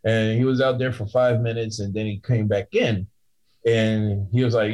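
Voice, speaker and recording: Man telling a lively bouncer story. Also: lowish voice, normal speed, poor audio. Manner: animated, acts out both sides of the story. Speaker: guest bouncer. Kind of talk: casual storytelling.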